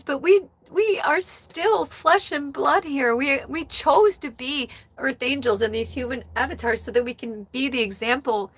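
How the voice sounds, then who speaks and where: High, bright-voiced woman medium talking candidly. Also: normal speed, no room sound. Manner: candid, emotional, swears often. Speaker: psychic medium hosting a live stream. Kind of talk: casual emotional livestream talk.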